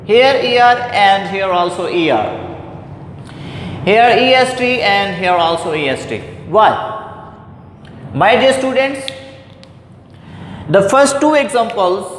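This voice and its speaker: A male teacher explains grammar slowly and deliberately, repeating each point. His voice sits high for a man. It rings in a large echoey hall with faint noise in the background. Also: lively intonation. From Pakistan. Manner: repetitive, deliberate, addresses "my dear students". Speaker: English teacher. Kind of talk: classroom grammar lecture.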